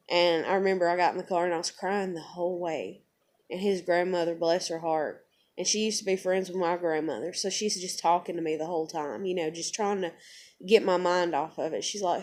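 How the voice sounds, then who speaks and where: A woman's voice: lowish voice, moderate pace, a little mellow. A young woman, telling a personal story to her vlog in a blunt, profane, emotional way. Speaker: vlogger.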